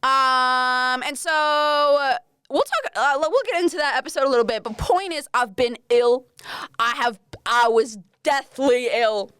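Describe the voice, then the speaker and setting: Chatting alone on her podcast, this young Australian host rambles, mocks herself and swears without restraint. She speaks a little slowly in a high, fairly bright, smooth voice, recorded at studio quality with no room sound.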